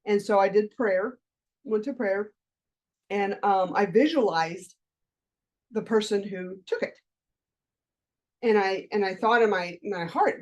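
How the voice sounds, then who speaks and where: A woman's voice: mid-range voice, animated, moderate pace, darkish tone. A woman coaching a live workshop, lecturing and telling personal stories in a candid, conversational way with casual swearing. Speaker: life coach leading a workshop.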